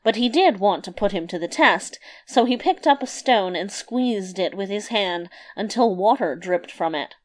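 A woman narrating a fairy tale in a measured, expressive read-aloud manner. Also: mid-range voice.

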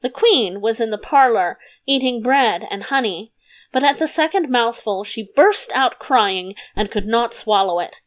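A woman reads a fairy-tale chapter aloud at an unhurried pace. Her voice sits a little high and stays gentle and even through the narration. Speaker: audiobook narrator. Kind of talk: storybook narration.

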